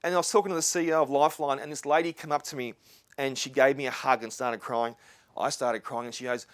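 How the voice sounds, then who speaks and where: A man's voice: medium pitch, steady tone, fast, dry recording. A middle-aged Australian man giving a live talk to an audience, earnest and rambling, with restarts and asides. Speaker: speaker. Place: lecture venue with live audience.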